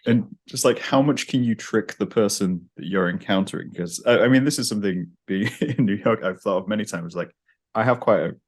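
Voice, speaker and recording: A man's voice: lowish voice, brisk. A man with a light British accent, hosting a podcast and chatting casually, often restarting his sentences and laughing as he talks. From United Kingdom. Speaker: podcast host. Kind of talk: casual chat. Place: New York.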